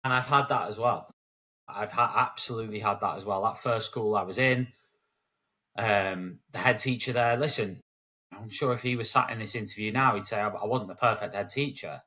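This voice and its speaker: Bright-voiced animated British man. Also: fairly low pitch, fairly quick. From United Kingdom. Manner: animated storyteller who acts out quoted voices. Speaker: guest, education broadcaster. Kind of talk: conversational interview.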